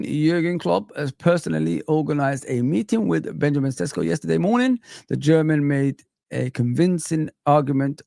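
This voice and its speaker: Guy streaming football chat, gravelly voice, gets all hyped, dry mic. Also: a little high, dry recording. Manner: excitable, reacts to clips and chat. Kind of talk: casual live-stream chat.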